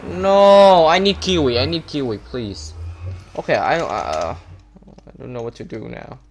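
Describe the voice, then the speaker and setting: Medium-pitched and creaky, his voice is animated yet unhurried, with slight background noise. He's a Minecraft YouTuber on a desktop webcam setup, delivering upset, complaining gameplay commentary full of repetition and stumbles.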